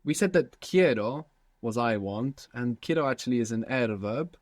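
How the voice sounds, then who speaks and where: A man's voice: medium pitch, expressive, normal speed, no echo. A man teaching a language lesson, patiently prompting his student with questions.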